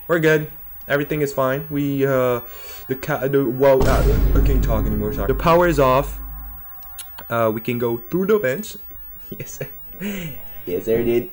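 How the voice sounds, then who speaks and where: A young man talks through a horror game in a middle-pitched voice, jumpy and joking, laughing nervously and talking to the game and his viewers. Faint music plays behind him. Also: moderate pace. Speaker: gaming YouTuber. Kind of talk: horror let's play commentary.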